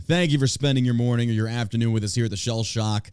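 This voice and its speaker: A man's voice: medium pitch, steady tone, quick pace, hardly any pauses, a little mellow, clear, resonant tone, no room sound, clean studio sound. A man hosting a podcast in casual chat, blunt and opinionated, with crude banter. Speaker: podcast host.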